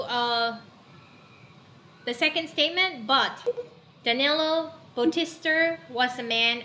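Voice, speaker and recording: A woman English teacher leading a class, encouraging students and checking in with frequent "okay"s while often clearing her throat. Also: high-pitched, bright, forceful tone, a little hiss or hum, rough recording. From Myanmar.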